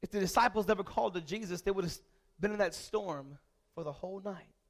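A man preaching as a pastor, moving from a relaxed story to loud, repeated calls to the congregation. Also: sits high, brisk. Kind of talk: sermon.

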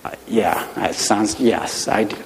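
Conversational pastor in an echoing hall. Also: male voice, on the low side, a little slow, vocal fry, slight background noise. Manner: conversational, asks many rhetorical questions. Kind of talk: sermon.

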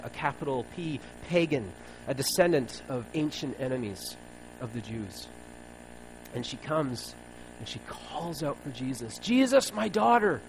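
Lively conversational male preacher. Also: mid-range voice, a little hiss or hum, low-quality recording. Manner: conversational, playful storytelling. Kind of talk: sermon.

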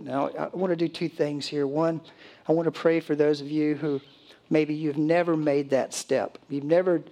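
An earnest male pastor delivers a sermon with a fairly high voice. He drops to near whispers, then rises into emphatic, ringing calls, and he leads the congregation in prayer. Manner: earnest, swings from hushed to emphatic.

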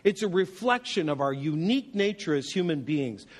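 High-voiced male pastor preaching. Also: moderate pace. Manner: humorous, animated storytelling with rhetorical questions. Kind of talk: sermon.

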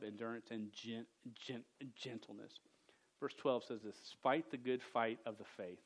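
A man preaching a sermon with a stutter, often repeating words, speaking earnestly and directly to a young audience. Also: mid-range voice.

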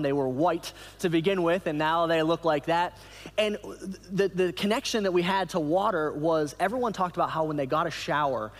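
Man preaching in an echoing hall. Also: fairly high pitch. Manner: animated storytelling with frequent restarts. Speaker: church speaker. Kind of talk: sermon. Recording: reverberant hall.

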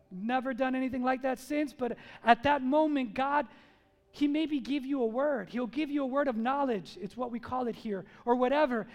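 A pastor preaching a sermon, swinging from loud, emphatic calls to hushed storytelling. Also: male voice, extremely high pitch, creaky, long reverb tail.

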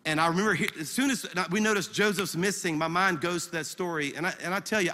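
A male pastor preaching a sermon, telling a story in an animated, emphatic way with quick repetitions. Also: sits high, long reverb tail. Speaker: guest pastor.

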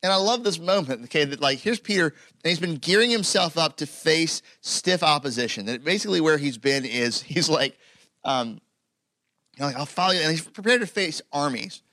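Bright-toned man preaching a conversational sermon. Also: on the high side, animated, moderate pace, no echo. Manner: conversational, filler-heavy, building to emphatic. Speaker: pastor.

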